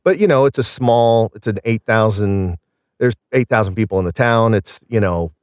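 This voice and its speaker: A man's voice: on the low side, moderate pace, a little mellow, dry recording, studio quality. A middle-aged man from Southern Illinois with a Southern Illinois accent, rambling casually with many fillers as a guest. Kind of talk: casual conversation.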